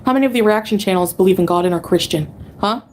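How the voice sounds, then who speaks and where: Woman, livestream rant, angry, mocking, mid pitch, faint noise behind. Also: quick pace, a little mellow. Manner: angry, mocking, talks back to chat. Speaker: streamer being reacted to.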